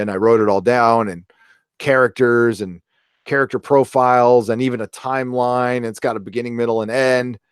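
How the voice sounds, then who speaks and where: A man's voice: fairly low pitch, smooth, no echo, studio quality. Rambling man hosting a live stream. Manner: rambling, reads donations aloud, jokey. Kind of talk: casual live stream chat.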